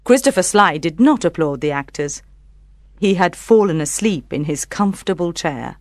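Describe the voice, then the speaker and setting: Woman narrating a storybook calmly. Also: fairly low pitch, moderate pace, no echo.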